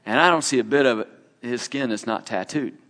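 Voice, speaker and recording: A man's voice: mid-range voice, fairly quick, fairly bright tone. A man preaching in a conversational storytelling way, acting out the people in his story. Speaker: preacher sharing a testimony. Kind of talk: sermon storytelling. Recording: long hall reverb.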